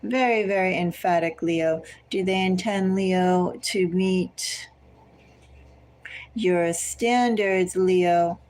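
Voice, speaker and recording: Woman doing a tarot reading, takes her time, lowish voice, keeps calling out the sign. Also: a little mellow, low-quality recording. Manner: slow and deliberate, repeatedly addressing the listener by star sign. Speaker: tarot reader.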